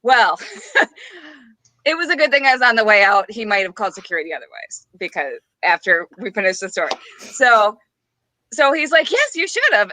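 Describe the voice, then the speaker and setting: A woman's voice: medium pitch, sharp tone, no room sound. A woman co-hosting a podcast, telling a story in casual chat and laughing often. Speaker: podcast co-host.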